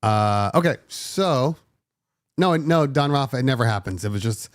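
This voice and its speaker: A middle-aged man hosts his own DJ podcast and tells a story in a loose, chatty way, often restarting with "like" and "you know." His voice sits at a medium pitch. The sound is dry and close, with almost no room. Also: moderate pace, dry recording. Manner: animated, emotional retelling with many fillers. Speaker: podcast host and DJ. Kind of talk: casual storytelling.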